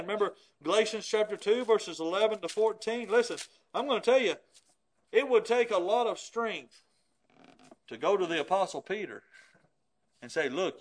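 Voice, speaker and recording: A man with a high-pitched voice delivers a sermon. He preaches with emphatic force, slowing and pressing hard on the scripture he reads. His pleading builds through the passage.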